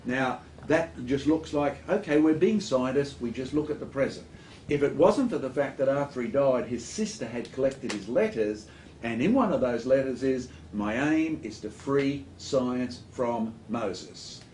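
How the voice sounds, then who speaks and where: A man speaking as a talk-show guest, lecturing in an animated storytelling way with joking asides. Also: medium pitch, normal speed, reverberant, a little hiss or hum, low-quality recording. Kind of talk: studio talk show discussion.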